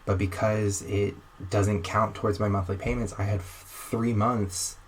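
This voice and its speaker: A man's voice: on the low side, measured pace, slight background noise. A young man, a podcast guest, telling a long story casually and acting out the other people in it. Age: young adult. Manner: animated, acts out dialogue in quotes.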